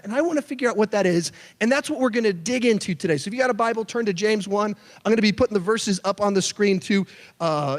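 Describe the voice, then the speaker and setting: A youth pastor delivers a sermon with a light, high-pitched voice that swoops up and down as he tells his stories. He keeps it animated and throws in joking asides. The sound rings with the long reverb of a big church hall. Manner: animated storyteller, jokey asides. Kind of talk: sermon to a student audience.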